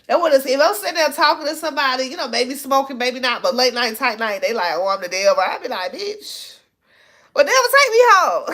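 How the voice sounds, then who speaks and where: A young woman in casual chat, recapping a TV episode as an animated, laughing storyteller with lots of slang. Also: high voice. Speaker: podcast host recapping a TV show.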